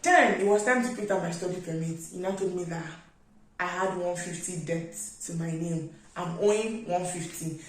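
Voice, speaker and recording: A young woman with a Nigerian English accent recounts her trip in a chatty, animated vlog style, leaning on filler words as she goes. Her voice sits fairly low, and she talks from some distance to the mic in a very echoey room. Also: moderate pace. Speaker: vlogger. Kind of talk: casual storytelling.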